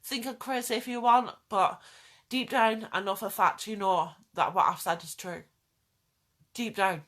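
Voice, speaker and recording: This is a woman speaking at normal speed in a mid-range, slightly bright voice. As a vlogger, she rants from the heart straight to her viewers, pleading and going over lines again to stress them.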